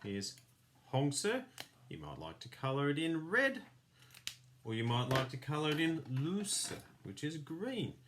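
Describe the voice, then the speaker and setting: A man's voice: on the high side, sing-song, a little slow, noisy background. A man teaching a children's class, giving patient step-by-step craft instructions. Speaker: primary school teacher.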